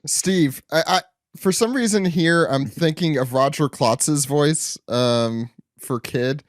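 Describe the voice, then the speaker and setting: A man's voice: a little high, slow pace, no echo, clean studio sound. A man co-hosting a podcast, joking and laughing often as he chats about a manga chapter. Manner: joking, laughs often, drops into silly voices. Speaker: podcast co-host.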